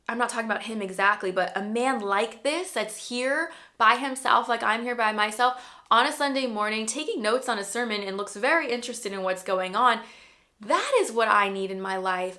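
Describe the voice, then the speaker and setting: A woman in her thirties speaks to her own camera with a clear, bright tone. She tells her story in a heartfelt, earnest way, circling back and restarting her sentences. Her pitch sits in an ordinary middle range. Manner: earnest and emotional, rambling with restarts. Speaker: vlogger sharing a faith testimony. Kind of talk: casual spoken testimony. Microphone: self-filmed camera.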